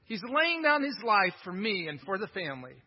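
A man's voice: sits high, sing-song, normal speed, breathy edge, lo-fi sound, heavily acted. A male preacher voicing a devoted Christian wife who earnestly praises her husband, in a slightly raised voice. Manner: earnest, ends in defiant refusal.

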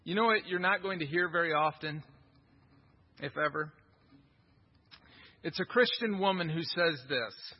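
A man's voice: fairly high pitch, animated, unhurried, pauses often, muffled recording. A male pastor preaching a sermon in an emphatic style, with rhetorical questions and repetition.

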